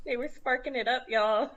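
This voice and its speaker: A young woman co-hosting a podcast, casually telling retail stories with lively acted-out quotes and frequent laughter. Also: fairly high pitch, highs cut off. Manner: animated storytelling, acts out quoted voices, laughs often. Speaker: podcast co-host.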